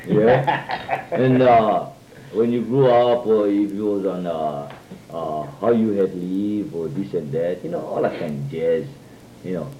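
A man with a Hawaiian Pidgin accent telling stories casually among friends, animated and full of fillers, acting out quoted speech. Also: sits low, measured pace, a little hiss or hum. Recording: roomy, dull lo-fi recording.

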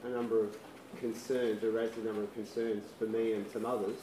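A man giving an academic conference presentation, measured, with a dry sense of humour and the odd filler. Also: fairly low pitch, level tone, dark tone, slight background noise. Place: lecture hall. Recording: echoey hall, mic at a distance.

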